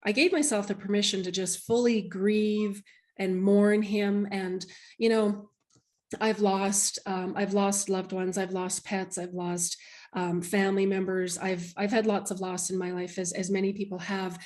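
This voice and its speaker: A woman's voice: mid-range voice, level tone, a little slow, a little mellow. A woman guest, a medium, telling an emotional personal story in an interview, heartfelt and earnest with many restarts.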